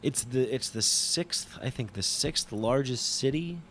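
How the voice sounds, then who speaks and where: A man hosting a podcast, telling a travel story in a casual, animated and profane monologue that mocks himself. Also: mid-range voice, a little slow, slight background noise. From New York. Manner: profane, animated, self-mocking retelling.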